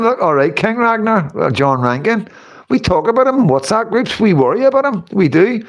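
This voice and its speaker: A man with a high, sing-song voice runs a casual livestream at a moderate pace, reading chat messages aloud between rambling chatter and frequent laughs.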